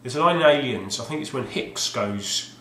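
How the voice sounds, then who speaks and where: Speaking from an echoey room at home, a video game collector vlogger rambles casually, hesitant and wry, restarting often. His medium-pitched voice is animated, bright, and forceful at a moderate pace, with slight background noise.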